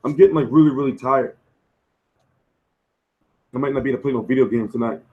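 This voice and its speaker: Hoarse man chatting boxing on a stream. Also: mid-range voice, fast, darkish tone, lo-fi sound. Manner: loose, profane, slangy banter answering chat. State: losing his voice. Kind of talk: casual live-stream chat.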